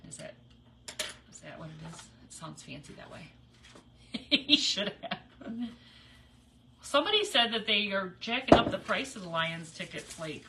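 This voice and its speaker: This crafter's live stream has her talking casually as she works, her fairly low voice giggly and meandering. The mic is set at a distance in a noisy space.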